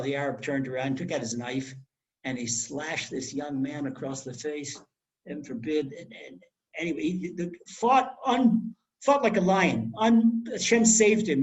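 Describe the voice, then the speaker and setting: Middle-aged guy teaching a torah class, storytelling, acts out the quotes, goes loud then quiet. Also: on the high side, dull audio. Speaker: rabbi giving a Torah class. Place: home in Israel.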